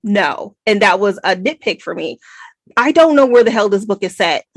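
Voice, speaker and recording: An American woman co-hosting a book podcast, talking in a chatty, animated, digressive way. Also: mid-range voice, moderate pace, no room sound. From United States. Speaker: podcast co-host. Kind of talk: casual book review chat.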